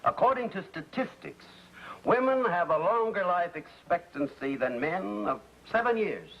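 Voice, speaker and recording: Bumbling 1950s sitcom dad, pompous and animated, old dull TV sound. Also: male voice, high voice, normal speed. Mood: grumbling. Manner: flustered, then pompously speechifying. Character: bumbling middle-aged suburban husband and father. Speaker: sitcom actor.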